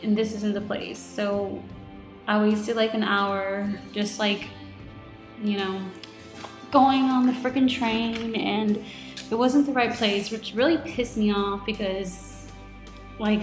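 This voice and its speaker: A woman's voice: mid-range voice, level tone, unhurried, echoey room, soft background music. A woman in her twenties telling her day in a casual video diary, chatty and full of "like", acting out what people said to her. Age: 20s. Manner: chatty, lots of "like", retells with quoted reactions. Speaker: vlogger.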